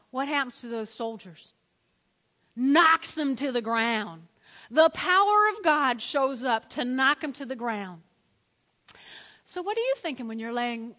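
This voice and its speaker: Female preacher, animated storytelling sermon, high pitch, long reverb. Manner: lively, dramatic storytelling with acted-out quotes.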